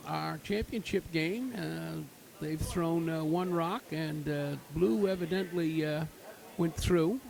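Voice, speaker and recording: A man's voice: a little high, vocal fry, poor audio. A man giving live curling commentary, explaining the game with many fillers and cheering good shots. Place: curling rink with crowd. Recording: crowd noise in an ice rink.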